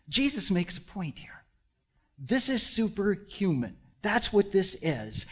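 A man preaching a sermon, swinging between hushed near-whispers and loud, impassioned passages, drawing out key words slowly. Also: sits high, sing-song, slightly rough. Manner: slow, drawn-out emphasis on key words. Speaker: pastor.

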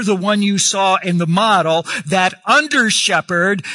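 A man preaching a sermon on scripture, animated and expressive, calling out like a shepherd at times. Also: slow, dry recording. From grew up on a farm. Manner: animated, swings pitch, acts out shepherd calls.

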